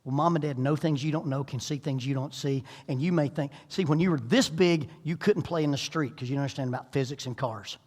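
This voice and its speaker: Middle-aged man, preacher, folksy and joking, slightly high voice, long church reverb. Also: a little fast, hardly any pauses. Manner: folksy, humorous, animated storyteller. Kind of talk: sermon. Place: church sanctuary. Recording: echoey church hall.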